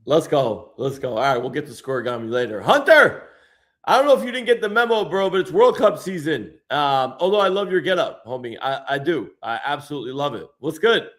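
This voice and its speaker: A man hosting a podcast in casual chat, excitable and slangy, tossing "bro" around. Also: fairly high pitch, fairly quick. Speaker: podcast host.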